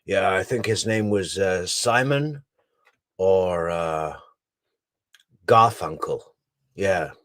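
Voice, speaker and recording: Slow, deep-voiced male true crime commentator. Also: fairly bright tone, no echo. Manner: dry, mocking asides. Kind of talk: sarcastic commentary over recordings.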